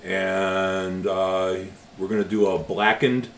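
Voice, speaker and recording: An easygoing man with a low voice co-hosting a casual podcast chat. He talks through plans at a relaxed pace. The room rings with echo, and a faint noise sits underneath. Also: slow pace. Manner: easygoing, announcing upcoming shows. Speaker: podcast co-host.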